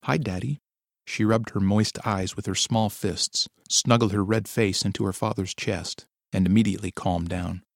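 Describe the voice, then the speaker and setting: A man narrates a dark tale in a low, measured storytelling voice. His tone carries a gravelly fry and sits on the lower side. The recording is close and dry. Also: level tone, no room sound. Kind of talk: dramatic audiobook narration.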